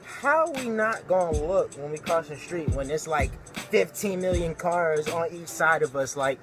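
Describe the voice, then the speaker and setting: A young man ranting casually to camera, animated, mocking and full of slang. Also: a little high, unhurried, over music. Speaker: vlogger. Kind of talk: casual comedic rant to camera.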